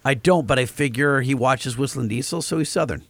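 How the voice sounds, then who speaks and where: A man co-hosting a podcast in casual chat, reading listener emails aloud, halting with many fillers and restarts. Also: mid-range voice, a bit bright, no echo, clean studio sound. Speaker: podcast co-host.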